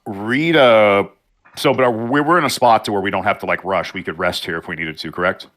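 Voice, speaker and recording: A man's voice: lowish voice, a little fast, fairly bright tone. A man playing a tabletop game, chatty and laughing often, with casual swearing. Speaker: player.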